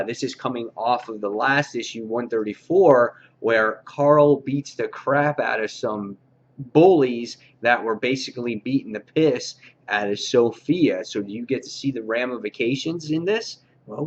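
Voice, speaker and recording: Male comic reviewer, laid-back and filler-heavy, mid-pitched voice, muffled recording. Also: a little hiss or hum. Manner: casual, many "uh" fillers, loose rambling delivery. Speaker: comic book reviewer, host. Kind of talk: casual video review.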